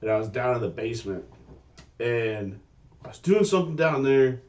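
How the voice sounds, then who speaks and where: A man co-hosting a casual podcast, telling stories in an animated way and swearing freely. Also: medium pitch, normal speed, far from the mic. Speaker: podcast co-host. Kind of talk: casual chat.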